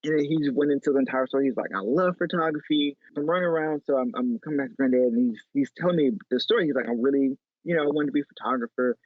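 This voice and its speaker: A man from Chicago telling stories as an interview guest, animated and chatty with lots of "like". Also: medium pitch, rapid-fire, few pauses, no echo. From Chicago, USA. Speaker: guest photo editor. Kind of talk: casual interview storytelling. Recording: tinny phone-like line.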